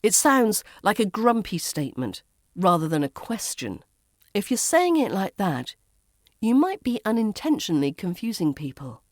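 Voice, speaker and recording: A woman with a British RP accent teaching pronunciation on a podcast, clearly demonstrating intonation examples. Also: mid-range voice, sing-song, moderate pace, no room sound, studio quality. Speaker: accent coach.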